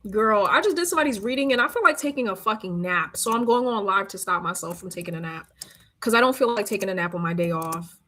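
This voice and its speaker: Young woman livestreamer, bright voice, tired and cursing freely. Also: mid-range voice, fast talker. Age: young adult. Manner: blunt, profane, chatty and laughing. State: tired, sleepy. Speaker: livestreamer and tarot reader. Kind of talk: casual livestream chat.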